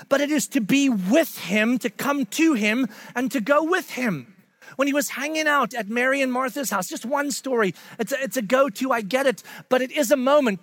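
A pastor giving a conversational, animated sermon, acting out what people say. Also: male voice, very high voice, dry recording. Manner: conversational, animated, acts out quotes in voices.

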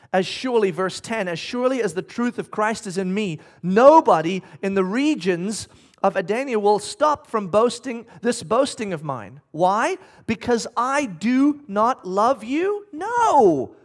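A man preaching a sermon, animated, acting out quotes with the odd laugh. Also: sits high. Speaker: pastor.

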